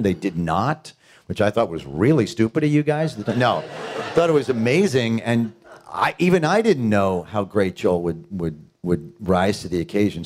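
A middle-aged man from New York chats with an audience at a panel Q&A. His voice sits fairly low but moves a lot as he tells animated stories. He laughs his way through quick asides. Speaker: actor, panel guest. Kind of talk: casual storytelling at a panel Q&A.

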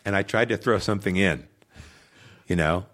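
A very deep-voiced man talks as a podcast guest in a loose, casual chat. He laughs easily and trips over his words, restarting his sentences as he goes. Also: a bit bright. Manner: laughs easily, halting self-corrections. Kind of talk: casual conversation.

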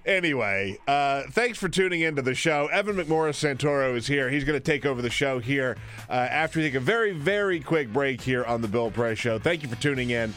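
A man's voice: mid-range voice, lively intonation, fairly quick, fairly bright tone. A man filling in as the host of a radio talk show, chatting casually and laughing often.

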